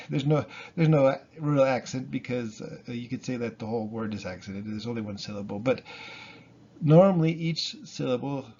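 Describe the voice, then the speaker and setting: A man's voice: medium pitch, creaky, husky, muffled recording. A man teaching Spanish pronunciation in a casual spoken lesson, explaining patiently and repeating examples. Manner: relaxed, explains with fillers and repetition.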